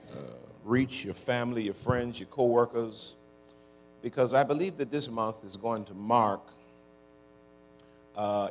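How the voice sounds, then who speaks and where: A man preaching a conversational sermon to a congregation, drawing call-and-response and using folksy words like y'all and ain't. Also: lowish voice. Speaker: pastor. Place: church before a congregation.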